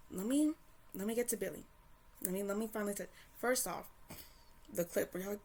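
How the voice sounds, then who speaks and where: Woman commentator, casual rant, angry and swearing, stop-start delivery, mid pitch. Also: moderate pace, darkish tone. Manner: heated, profane, with frequent restarts. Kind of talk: casual opinion rant to camera.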